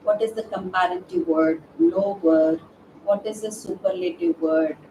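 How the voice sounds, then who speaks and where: A woman's voice: medium pitch, big pitch swings, a little slow, warm tone, distant mic. A woman teaching a live webinar grammar lesson, asking the class questions and answering them herself, with many "uh" fillers. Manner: hesitant, frequent "uh" fillers and restarts. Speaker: verbal aptitude trainer. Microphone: distant from the microphone. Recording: echoey room, off-mic, faint background noise.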